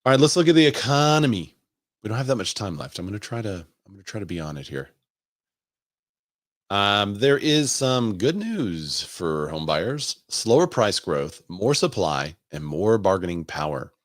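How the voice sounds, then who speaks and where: A man's voice: fairly low pitch, big pitch swings, moderate pace, dry recording, studio quality. A man who works as a real estate agent, hosting a casual live stream and thinking aloud as he asks viewers for their opinions.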